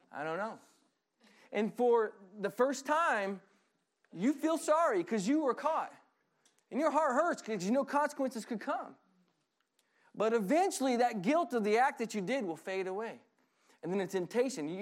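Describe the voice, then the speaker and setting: A male pastor preaching with lively, conversational energy. His voice sits high for a man. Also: normal speed. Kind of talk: sermon.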